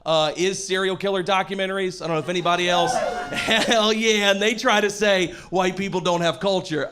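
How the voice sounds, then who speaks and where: A man doing a stand-up set in a comedy club, with sardonic, self-deprecating delivery. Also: high-pitched. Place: comedy club stage with laughing audience. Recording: live club recording with clear background noise.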